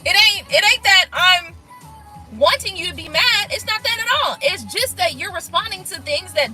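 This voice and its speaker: Profane, animated woman with a bright, high voice. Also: moderate pace, faint music behind, rough recording. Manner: blunt, profane, animated, laughs things off. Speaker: tarot reader on a live stream. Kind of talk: casual live-stream chat reading viewer comments.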